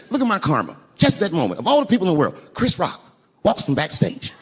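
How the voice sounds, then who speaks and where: An older man telling a profane, animated stand-up story on an arena stage, acting out voices as the crowd laughs. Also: on the high side. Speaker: stand-up comedian. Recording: live arena recording with crowd noise. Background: crowd laughing and cheering.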